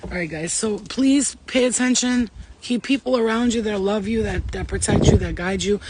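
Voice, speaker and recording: A man hosting a casual live stream as a spiritual reader, talking fast, swearing freely and joking with his viewers. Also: high-pitched, heavy background noise. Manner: fast, profane, playful, talks straight to chat.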